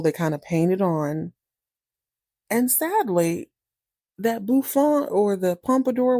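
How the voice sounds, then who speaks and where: Chatty wry woman with a mellow voice. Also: on the low side, no echo, studio quality. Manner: chatty and wry, laughs often, acts out quoted lines. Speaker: podcast host recapping a TV series. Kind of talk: casual recap commentary.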